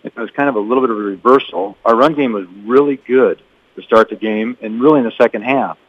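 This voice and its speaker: A man's voice: medium pitch, fast, dry recording. A man, a football coach, talking plainly about his team's game in a phone interview. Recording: dull dry phone line.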